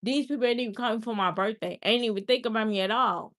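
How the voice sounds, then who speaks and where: A woman's voice: a little high, fast talker, a bit bright. A woman hosting a casual livestream, talking earnestly and repeating herself. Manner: earnest, repetitive, heartfelt talk. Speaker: livestream host.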